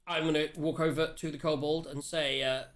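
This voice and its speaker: A man's voice: on the high side, level tone, fairly quick, a bit bright. A man playing a tabletop game, playful and laughing, fumbling through a put-on accent for his character. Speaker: player.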